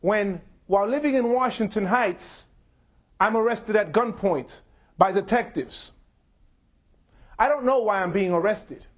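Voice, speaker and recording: A man speaking slowly and deliberately to an audience at a university, telling his own story. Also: sits high, highs cut off. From United States. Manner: slow, measured, deliberate delivery. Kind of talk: public talk. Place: university lecture hall.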